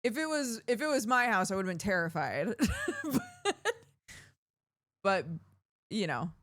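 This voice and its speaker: A woman streamer chatting casually to her viewers, telling stories animatedly with yelled bits and bursts of laughter. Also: medium pitch, big pitch swings, a little slow. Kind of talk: casual chat.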